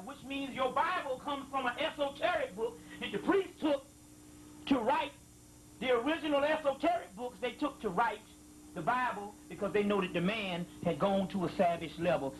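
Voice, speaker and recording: A man lecturing to an audience, slowly reading passages aloud and stopping often to explain them and check that listeners follow. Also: high voice, a little hiss or hum, rough recording. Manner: slow emphatic reading of quotes, frequent "you see what I'm saying". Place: lecture hall with live audience.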